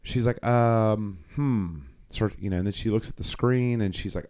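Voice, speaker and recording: A man's voice: lowish voice, moderate pace, few pauses, darkish tone. A middle-aged man co-hosting a podcast, telling a rambling faith story with many fillers and restarts. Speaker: podcast co-host. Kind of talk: casual faith talk.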